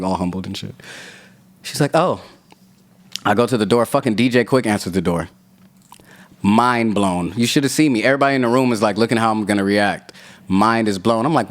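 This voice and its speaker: Low-voiced man telling a profane studio story. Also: fairly quick. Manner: profane, animated storyteller acting out quotes. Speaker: rapper guest. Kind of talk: casual storytelling interview.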